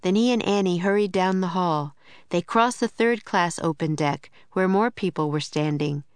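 A woman narrating a children's story in a measured, clear storytelling manner. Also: fairly low pitch, dry recording. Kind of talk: audiobook narration.

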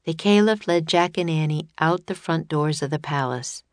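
Low-voiced woman narrating a storybook. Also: normal speed, no room sound. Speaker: audiobook narrator. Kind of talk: scripted narration.

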